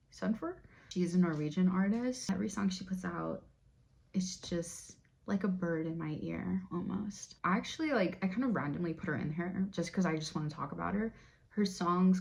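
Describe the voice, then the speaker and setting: A woman's voice: fairly low pitch, darkish tone. A young woman vlogger rambling through her year in a casual, chatty way, swearing freely. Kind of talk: casual year-in-review chat.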